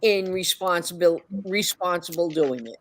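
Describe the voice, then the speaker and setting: An older woman in a casual chat, speaking in a measured, matter-of-fact way. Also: on the low side.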